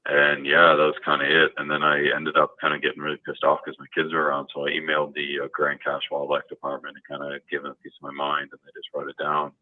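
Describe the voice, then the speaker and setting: Very deep-voiced man on a tinny phone line. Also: monotone, fast, hardly any pauses, slight background noise. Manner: rambling, full of fillers and restarts. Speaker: caller. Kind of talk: telling a personal story on a call-in show.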